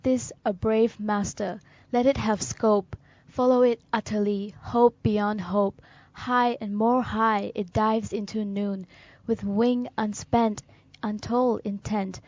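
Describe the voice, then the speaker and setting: Woman on a radio show reading poems slow and solemn, dry dull-ish sound. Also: mid-range voice, steady tone, a little mellow, dry recording. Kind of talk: poetry reading on a talk show.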